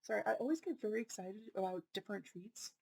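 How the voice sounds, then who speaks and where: A woman hosting her own unboxing channel, talking casually and excitedly about snacks, often apologizing and laughing. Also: mid-range voice, fast talker, vocal fry, slightly rough, low-quality recording.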